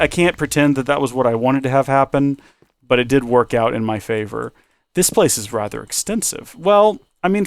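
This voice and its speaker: A man's voice: mid-range voice, creaky. A man hosting a video game let's-play, giving chatty, rambling commentary as he talks to himself and his viewers. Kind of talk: casual gameplay commentary.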